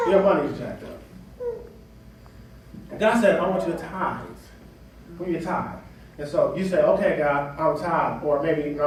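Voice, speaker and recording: A man preaching a sermon as pastor, with call-and-response lines that rise to shouts, in a style. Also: sits high, background noise. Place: church sanctuary. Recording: echoey room from far off.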